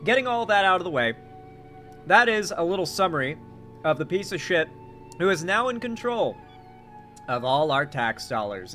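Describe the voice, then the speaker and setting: A young man giving casual political commentary, sarcastic and animated, swinging between loud emphasis and quiet asides. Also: a little high, normal speed, long pauses, faint music behind.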